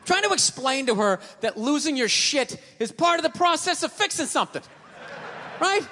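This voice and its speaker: A man in his forties doing a profane, ranting stand-up comedy routine on stage, with loud outbursts. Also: very high-pitched, big pitch swings, moderate pace, long pauses, slight background noise. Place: stage in a large venue. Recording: live show in a big hall.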